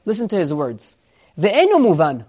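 A man's voice: high voice, normal speed. A man giving a sermon, asking rhetorical questions and mixing Hebrew phrases into his English. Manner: lively, swinging between soft and emphatic. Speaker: rabbi giving a Torah class.

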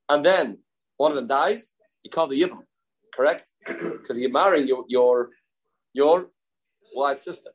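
A man's voice: on the high side, rough recording. Man teaching a Talmud class. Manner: quick explanatory talk mixing Aramaic terms, many restarts.

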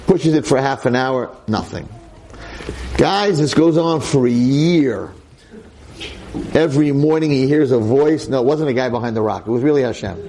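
A man's voice: medium pitch, normal speed, slight background noise, poor audio. A male rabbi telling a story in a sermon to a room of boys, acting out every voice. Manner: animated, acts out every voice.

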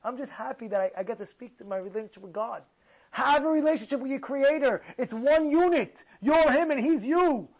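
A man's voice: extremely high pitch, brisk. A man teaching a religious lesson. He repeats himself for emphasis and keeps asking his listeners rhetorical questions. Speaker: Torah teacher. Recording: dull lo-fi sound.

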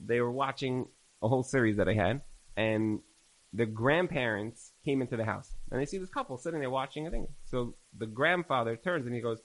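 A man teaching a recorded Torah class, telling stories in an animated way and repeating phrases for emphasis. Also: mid-range voice, low-quality recording. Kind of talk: recorded religious class lecture.

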